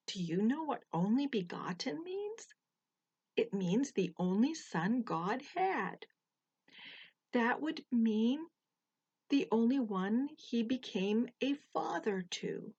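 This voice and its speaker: Older woman, children's Bible storyteller; slow, breathy, soft, dull lo-fi home recording. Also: on the high side, very animated. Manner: slow and deliberate, pausing for children to repeat. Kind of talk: slow, gentle children's lesson.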